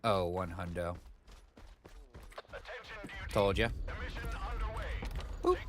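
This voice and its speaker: At home on a desk mic, a man plays a video game on stream, chatting in a meandering let's-play style loaded with fillers and side comments. He has a low, steady voice and talks extremely slowly.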